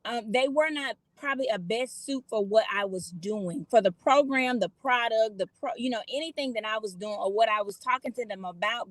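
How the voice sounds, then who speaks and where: A woman's voice: fairly high pitch, no echo, rough recording. A woman on a live show reflecting on her business experience, searching for words as she goes. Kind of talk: casual talk on a live show.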